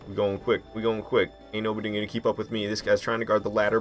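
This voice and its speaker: A man giving casual, excitable commentary while playing a video game, slangy and quick to mock himself. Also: lowish voice, faint music behind. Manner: excitable, self-mocking, slangy. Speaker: gaming commentator.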